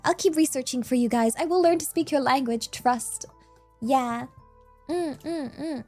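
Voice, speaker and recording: A woman's voice: a little high, lively intonation, takes it slowly, gravelly, a little mellow, soft background music. A woman with an English accent, chatting casually as a streamer, rambling and playful with lots of fillers. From England. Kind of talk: casual chat.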